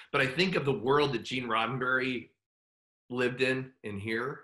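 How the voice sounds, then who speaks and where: A middle-aged man speaking as a guest in a casual interview, halting and heartfelt. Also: mid-range voice, sharp tone. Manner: halting, full of fillers and restarts; heartfelt, open about his feelings. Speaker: guest actor.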